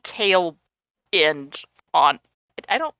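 A woman's voice: lowish voice, very animated, takes it slowly, sharp tone, dry recording. A woman player chatting casually during a tabletop game, chiming in with jokes.

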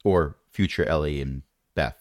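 A man's voice: very deep voice, measured pace, no room sound, clean studio sound. A man narrating a tabletop game as game master, with playful, rambling descriptions and asides.

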